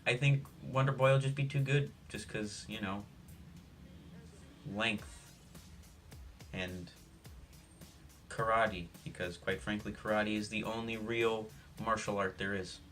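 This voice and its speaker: Deadpan rambling young guy vlogger. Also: fairly low pitch, takes it slowly, pauses often, faint music behind. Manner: deadpan, rambling, self-mocking asides. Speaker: sports vlogger. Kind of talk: jokey sports preview monologue.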